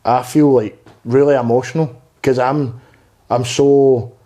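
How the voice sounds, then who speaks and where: A young man in his twenties speaks as a podcast guest, open and earnest. His voice is dark and mellow, at a middle pitch. He rambles, restarts his thoughts and swears freely in casual chat. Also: steady tone, unhurried. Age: 20s. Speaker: podcast guest, stand-up comedian. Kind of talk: candid conversational interview.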